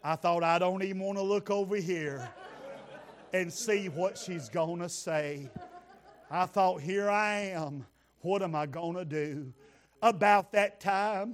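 Preacher man, high voice, slow folksy storytelling that climbs to shouting. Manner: folksy, builds to shouted praise. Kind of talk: humorous storytelling sermon.

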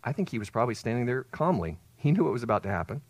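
A man's voice: medium pitch, big pitch swings, racing, darkish tone, dry recording. A man preaching a sermon as pastor, explaining and retelling a story with emphatic swells on key words.

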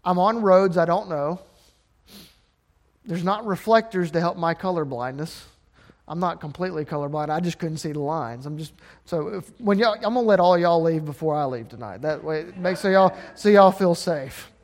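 High-voiced Southern preacher. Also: male voice, normal speed. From Alabama. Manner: impassioned, rising to emphatic peaks. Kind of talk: sermon.

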